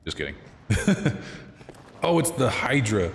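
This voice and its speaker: A man's voice: deep voice, brisk, long pauses, a little hiss or hum. A man streaming a video game, chatting with viewers in a loose, swear-filled way. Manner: animated, swears freely, chats with viewers. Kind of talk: casual gameplay commentary. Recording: echoey room with long reverb.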